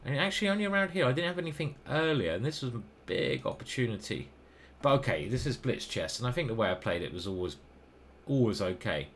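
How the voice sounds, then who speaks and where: An English man talks loosely through his own chess games, drifting into asides, poking fun at himself and swearing casually. His pitch sits in a middle range for a man. A faint hiss runs underneath. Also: very animated, fast talker, fairly bright tone. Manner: rambling, self-deprecating, swears casually. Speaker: chess grandmaster commentator.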